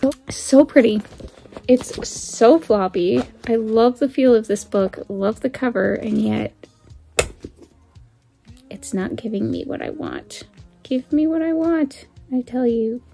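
Woman book vlogger, candid and chatty, laughs a lot, mellow tone, faint music underneath. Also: on the high side, takes it slowly, gravelly, long pauses. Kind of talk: casual chat to camera.

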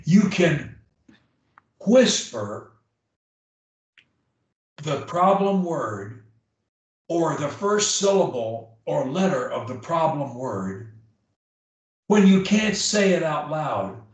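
Speaking slowly with long pauses and wide swings in pitch, a slightly high-voiced man leads a client through speech exercises one-on-one. He is emphatic and performs every drill aloud, recorded from a distance in a very echoey space.

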